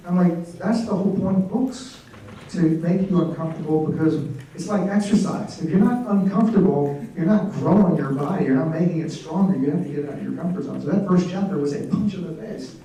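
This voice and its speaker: A man's voice: a little high, mellow, slight background noise. A man in his sixties telling comic stories to a library audience, acting out the voices of people in his stories. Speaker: author at a library event. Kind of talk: storytelling talk on stage. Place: large hall, live audience. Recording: echoey hall, mic from a distance.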